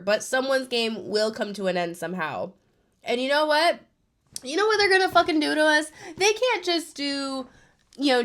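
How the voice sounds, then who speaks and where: A woman's voice: a little high, fairly bright tone. A young woman recapping a reality show to her viewers, ranting in exasperation and swearing often.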